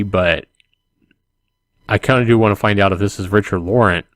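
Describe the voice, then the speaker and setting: Casting: man, lowish voice, dry close sound, calm ASMR read-aloud with casual asides. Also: a little fast, no echo. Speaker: channel host reading a text game.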